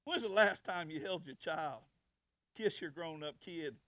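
A pastor in his forties preaches to his congregation, his voice rising to loud, fervent calls and then dropping to quiet, personal stories. His voice sits a touch high for a man, and it sounds close and dry, with little room echo. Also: normal speed. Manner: swings from shouted preaching to soft storytelling. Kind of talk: sermon. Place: church.

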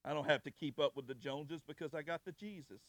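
A pastor in his forties preaches to his congregation, his voice rising to loud, fervent calls and then dropping to quiet, personal stories. His voice sits a touch high for a man, and it sounds close and dry, with little room echo. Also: fast talker. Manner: swings from shouted preaching to soft storytelling. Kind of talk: sermon. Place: church.

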